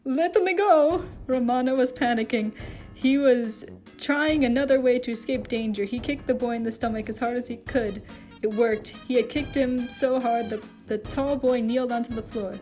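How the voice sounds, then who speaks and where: A woman's voice: fairly high pitch, steady tone, normal speed, warm tone, soft background music. Woman reading a story aloud. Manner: reacts aloud with asides and exclamations. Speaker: reader of fan fiction. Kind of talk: dramatic reading with character voices.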